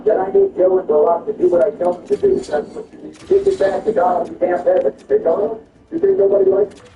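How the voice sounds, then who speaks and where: A man performing a comedic skit over gameplay, switching between a deep bossy voice and high whiny ones. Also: huge pitch swings, fast talker, noisy background. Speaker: gaming video creator. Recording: roomy, distant, dull sound with faint music.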